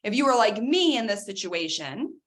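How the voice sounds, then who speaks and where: Picture a middle-aged woman leading a live self-help session, speaking plainly and conversationally. She slips into little acted-out bits of dialogue to make her points, keeping an easy, animated delivery. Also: mid-range voice, normal speed. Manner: animated, acts out quoted dialogue in other voices. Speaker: host of a self-help workshop. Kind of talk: live coaching talk.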